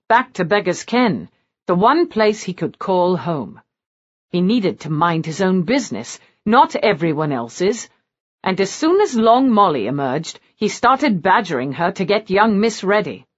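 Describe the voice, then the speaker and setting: A woman narrating an audiobook in an expressive storytelling manner. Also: on the low side, lo-fi sound. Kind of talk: scripted narration.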